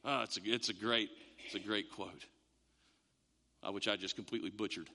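Animated male preacher in a reverberant hall. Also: fairly high pitch, a little fast. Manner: animated, repeats words, acts out quotes. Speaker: pastor. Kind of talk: sermon.

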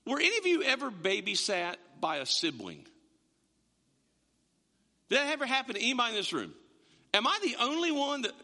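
A male pastor preaches with a high, lively voice that swoops as he acts out the people in his stories. His tone is very bright and sharp, and it rings out in a church sanctuary with a long reverb tail behind it. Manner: storytelling with quoted voices and repeated words. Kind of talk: sermon.

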